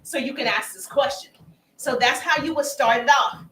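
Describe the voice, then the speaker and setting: A woman giving a live-streamed sales training, energetic and emphatic, speaking straight to her audience. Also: sits high, moderate pace, roomy sound, recorded from a distance, slight background noise. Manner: energetic, emphatic and preachy, addresses the audience directly.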